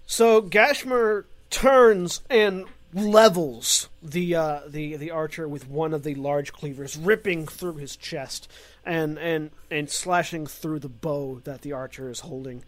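A man serving as game master, describing combat in quick bursts that stumble and restart. His voice sits a little high for a man. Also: no echo. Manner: rapid, halting narration with restarts. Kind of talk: narrating a tabletop game.

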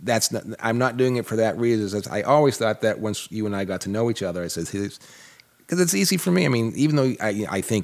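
Boston man, lowish voice, earnest long-winded talker. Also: animated, fairly quick, creaky. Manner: earnest, repetitive restarts, long explanations. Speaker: co-host and book co-writer. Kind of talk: casual chat.

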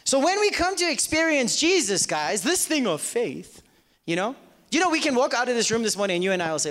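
Extremely high-pitched, very animated and quick, with a fairly bright tone, a male pastor preaches to his live congregation. He peppers them with rhetorical questions and acts out their doubts in quoted voices. The church auditorium is reverberant.

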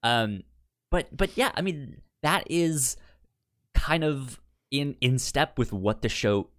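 A man's voice: medium pitch, lively intonation, slow, fairly bright tone, no room sound, studio quality. A man co-hosting a podcast, chatting casually in a rambling way, often restarting words and laughing. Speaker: podcast co-host. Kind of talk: casual chat.

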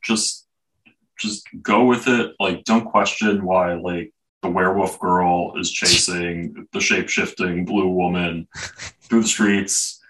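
Deep, slow, laid-back man. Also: steady tone, fairly bright tone, far from the mic, poor audio. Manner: laid-back, halting, with many fillers. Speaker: podcast co-host. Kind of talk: casual chat reviewing comics.

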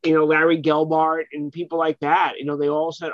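A man's voice: on the high side, little pitch movement, fairly quick, no echo. A man guest talking about comedy history in a rambling, hesitant way. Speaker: guest, publicist and author. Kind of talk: casual conversation. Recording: dull, dry sound.

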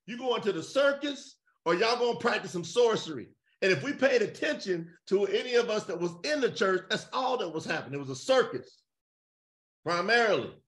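A man's voice: high-pitched, expressive, a little fast. Fiery preacher man. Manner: emphatic, shouting, rhetorical questions. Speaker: preacher leading an online gathering. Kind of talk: fiery call-and-response preaching. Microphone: video call.

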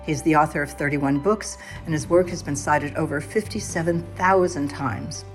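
A woman hosting a podcast, reading a scripted introduction in a formal, even-paced way. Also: low-pitched, normal speed, faint music behind. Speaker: podcast host.

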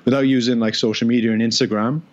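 A man co-hosting a podcast over a video call, talking in a relaxed, reflective way with many "like"s and "you know"s. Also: mid-range voice, fast, lo-fi sound. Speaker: podcast co-host.

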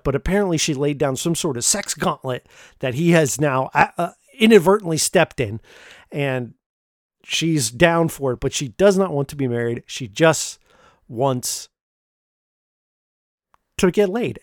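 A man's voice: mid-range voice, dry recording, clean studio sound. A man hosting a podcast, recapping a film in a casual, joking way with frequent restarts. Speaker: podcast host reviewing films.

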